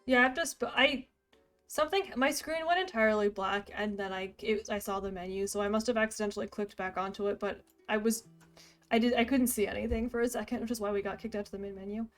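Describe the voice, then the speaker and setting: A woman's voice: mid-range voice, fast talker, soft background music. A young woman, chatting casually while streaming a game and thinking aloud. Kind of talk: casual let's-play commentary.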